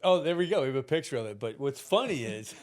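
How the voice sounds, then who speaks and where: A man's voice: mid-range voice, fast. A middle-aged man hosting a podcast in casual chat, telling stories and acting out the people he quotes. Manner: lively storyteller who acts out the people he quotes. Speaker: podcast host.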